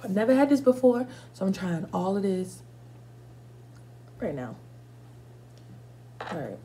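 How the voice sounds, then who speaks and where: A woman's voice: mid-range voice, sing-song, measured pace, mellow, a little hiss or hum. A woman in her twenties telling casual, profane stories while eating for a mukbang video, stopping now and then to react to spicy food. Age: 20s. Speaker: mukbang vlogger.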